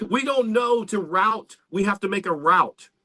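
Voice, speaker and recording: Bright-voiced man, animated podcast chat. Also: high voice, measured pace. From Central Florida, US. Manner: animated, swearing, lively storytelling. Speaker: podcast co-host, band member.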